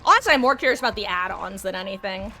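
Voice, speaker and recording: Bright-voiced woman streamer chatting. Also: medium pitch, animated, racing, soft background music. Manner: rambling, candid, swears casually. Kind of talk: casual chat while gaming.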